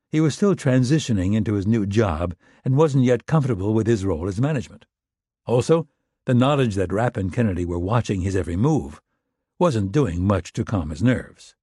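A man narrating a thriller audiobook in a steady, measured, understated read. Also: lowish voice, breathy edge, no room sound, studio quality.

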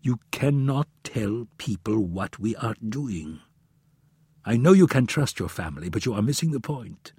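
A man voicing a careful, serious adult plotter in an audiobook, speaking in measured, earnest tones. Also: mid-range voice, lively intonation, darkish tone, husky, no room sound, clean studio sound, heavily acted.

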